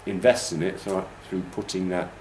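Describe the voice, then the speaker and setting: A man's voice: low-pitched, flat delivery, normal speed, a little mellow, reverberant, a little hiss or hum. A man teaching a training class, explaining pronunciation and demonstrating stress patterns aloud. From United Kingdom. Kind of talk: classroom lecture.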